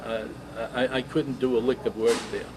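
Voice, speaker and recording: A man in his eighties, a veteran, telling his service story in an oral history interview, halting and reminiscing. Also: medium pitch, fairly even intonation, a crowd in the background, low-quality recording. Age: 80s.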